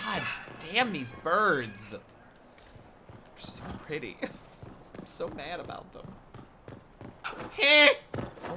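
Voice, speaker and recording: A woman streaming a game, chatting casually and breaking into excited exclamations and laughter. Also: low voice. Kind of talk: casual live-stream commentary. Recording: loud background noise.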